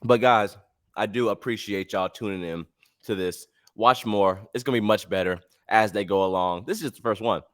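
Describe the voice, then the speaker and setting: A man hosting a casual storytelling podcast, telling a travel tale in a slangy, rambling, animated way. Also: on the low side, normal speed, no echo, clean studio sound. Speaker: podcast host.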